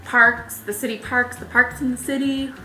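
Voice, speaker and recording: A woman's voice: fairly high pitch, little pitch movement, normal speed, sharp tone. A young woman telling travel stories in a casual, chatty vlog, laughing often. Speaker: travel vlogger. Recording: echoey room with faint music.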